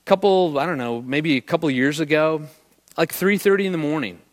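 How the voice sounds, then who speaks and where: Speaking briskly in a voice on the high side, a middle-aged man presents on marriage to a live audience. He's an animated storyteller who keeps asking the crowd questions.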